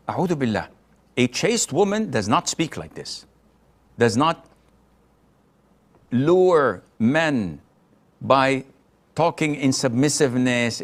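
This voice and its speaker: A man's voice: medium pitch, big pitch swings, takes it slowly. A middle-aged man, an Islamic scholar, answering a question firmly and emphatically, sometimes acting out short dialogues. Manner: firm, emphatic, acts out dialogues. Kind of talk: religious Q&A answer.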